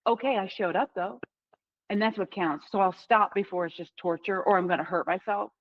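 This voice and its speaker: A woman's voice: mid-range voice, a little fast, no room sound, lo-fi sound. A woman co-hosting a casual podcast, talking candidly, swearing freely and laughing often. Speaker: podcast co-host.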